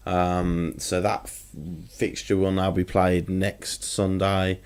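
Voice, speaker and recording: A man co-hosting a casual football podcast, talking in an animated, exasperated way. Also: low voice, takes it slowly, clean tone. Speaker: podcast co-host.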